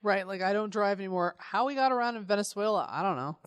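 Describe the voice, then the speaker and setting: A woman's voice: mid-range voice, expressive, quick pace, clean tone. A woman co-hosting a comedy podcast, recapping a comic with laughs and jokes. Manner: laughing, joking recaps with mock voices. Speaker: podcast co-host. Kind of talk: casual comic chat.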